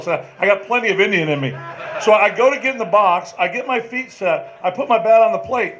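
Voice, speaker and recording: A man's voice: high-pitched, lively intonation, brisk, a bit bright, slight background noise, rough recording. A man in his sixties, a former ballplayer, telling folksy detailed anecdotes on a panel and turning to others by name. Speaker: former player and manager, panel guest. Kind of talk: storytelling at a live panel.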